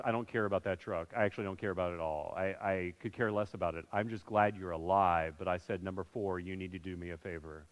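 Preaching man in a reverberant hall. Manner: swings between loud bursts and hushed low lines. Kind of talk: sermon storytelling. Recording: reverberant hall, dull sound.

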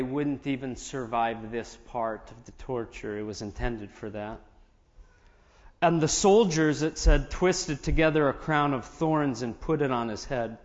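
A man preaching as pastor, reading scripture aloud and explaining it in asides between the verses. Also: mid-range voice. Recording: dull audio with long reverb in a large hall.

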